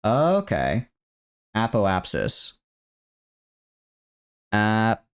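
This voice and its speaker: A man's voice: lowish voice, wildly swooping pitch, very slow, a bit bright, smooth. A man streaming a video game in casual live commentary, thinking aloud and tripping over words as he restarts.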